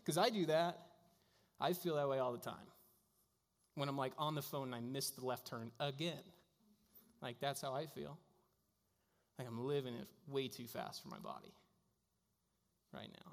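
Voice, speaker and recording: A man's voice: medium pitch, big pitch swings, moderate pace, creaky, long pauses. A man preaching a sermon as a pastor, telling stories in a casual way with lots of fillers. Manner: casual storytelling with frequent fillers. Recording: long hall reverb.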